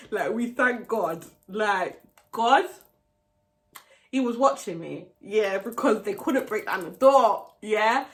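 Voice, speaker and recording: A young woman telling a storytime vlog, acting out what people said with shouts and laughs. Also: medium pitch. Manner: animated storytelling, acts out quotes with shouts and laughs. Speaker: vlogger.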